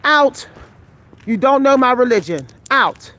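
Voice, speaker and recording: A woman in her forties live-vlogs on her phone during a night walk outdoors, tired and out of breath, speaking bluntly and profanely to viewers. Her high, pushed, bright voice has lively intonation, and she speaks slowly.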